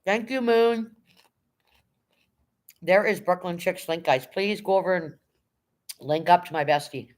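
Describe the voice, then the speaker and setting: A middle-aged woman with a fairly low voice hosts a casual livestream, reading viewer comments aloud and greeting people one by one in a chatty, unhurried way. She becomes emotional, near tears, when talking about her late dog.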